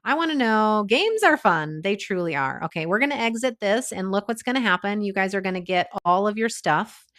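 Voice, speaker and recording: A woman's voice: medium pitch, animated, brisk, few pauses, fairly bright tone. Chatty woman hosting a livestream. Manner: chatty, reads out viewer names and comments, laughs often. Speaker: livestream host. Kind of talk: casual livestream chat with viewers.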